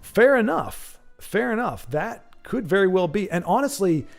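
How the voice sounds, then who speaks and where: A man hosting a casual livestream, reading viewer comments aloud and rambling off on animated tangents with lots of restarts. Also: high voice, normal speed, vocal fry, soft background music. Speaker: livestream host.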